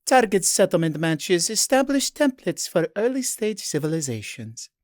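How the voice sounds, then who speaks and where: A thin, twittering alien underling, his voice jumping high and all over the place. He reports in a slow, chirpy, servile way, like a story's nervous bridge officer. Dry, close recording. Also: very animated, no echo. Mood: reporting.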